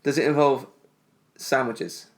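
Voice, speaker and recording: A man's voice: medium pitch, steady tone, a little slow. Chatty British man co-hosting. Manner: chatty, jokey, often restarts phrases. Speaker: podcast co-host. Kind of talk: casual chat.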